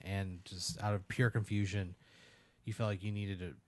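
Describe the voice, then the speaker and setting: Deadpan rambling man, low voice. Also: moderate pace, no room sound. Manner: rambling, deadpan, lots of fillers and "like". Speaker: podcast host. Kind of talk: casual comedic storytelling.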